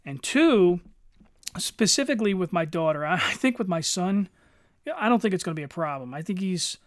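Middle-aged male co-host, high voice, dry close sound, blunt and profane. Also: animated, moderate pace, no echo. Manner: blunt, swears freely. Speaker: podcast co-host. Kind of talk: casual chat.

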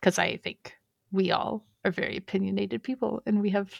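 A woman's voice: medium pitch, steady tone, moderate pace, vocal fry, dry recording, muffled recording. Chatty giggly woman podcast host. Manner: chatty, giggly, with many fillers. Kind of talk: casual chat.

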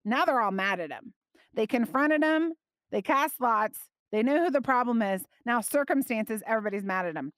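Animated woman teaching scripture. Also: a little high, moderate pace, no echo, studio quality. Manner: animated, emphatic, laughs often. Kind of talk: bible teaching.

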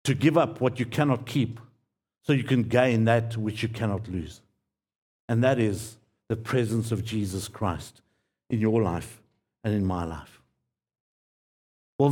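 A man preaching a sermon as pastor, earnest and pleading, repeating key phrases and dropping to quiet, low endings. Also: breathy edge.

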